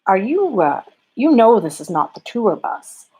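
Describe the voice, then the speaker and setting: A woman's voice: medium pitch, sing-song, unhurried, a little mellow, slightly rough, poor audio. A woman voicing a polite teenage schoolgirl on a bus who speaks hesitantly. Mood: puzzled.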